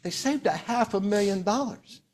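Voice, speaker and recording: A man in his sixties, hosting a casual company sales broadcast, talking in animated, quick storytelling bursts. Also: high voice, slight background noise.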